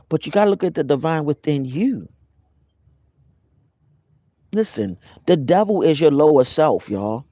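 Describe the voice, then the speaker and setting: A man whose voice leans high talks at a moderate pace, leaving long pauses, in a casual spiritual pep talk. As a spiritual vlogger he's animated and chatty, saying hello to live viewers by name. The audio is muffled, with no room sound.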